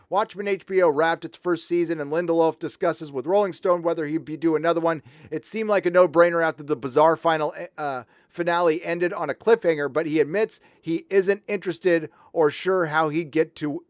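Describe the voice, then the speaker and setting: A man's voice: on the high side, no echo, clean studio sound. Angry, profane middle-aged man ranting. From Southern California. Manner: angry, profane, rambling with restarts. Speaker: livestream host reading super chats. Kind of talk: casual profane livestream rant.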